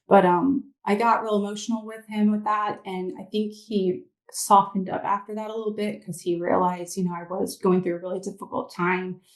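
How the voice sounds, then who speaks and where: Woman guest, candid personal testimony, mid pitch, echoey room. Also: little pitch movement, normal speed. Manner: candid, rambling with fillers. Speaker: interview guest.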